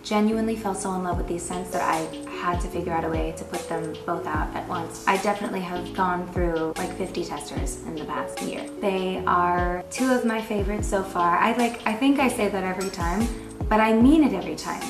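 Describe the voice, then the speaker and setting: A woman in her late thirties gushing softly as she promotes her own beauty products. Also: on the low side, brisk, far from the mic. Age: late 30s. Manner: gushing, soft-spoken. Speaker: beauty brand founder. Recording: echoey room with music behind.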